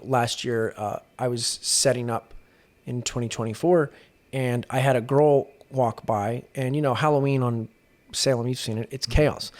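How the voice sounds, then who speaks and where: A young adult man, a guest on a podcast, speaking earnestly in casual conversation and often restarting his sentences. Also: mid-range voice. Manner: earnest storytelling with frequent restarts. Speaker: guest, exorcist.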